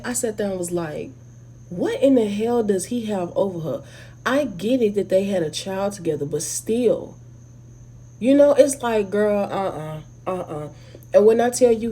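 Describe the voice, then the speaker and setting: A woman with an African American English accent talks straight to her viewers in a casual movie review, blunt and animated. Her voice is husky and mellow. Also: mid-range voice. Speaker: video host.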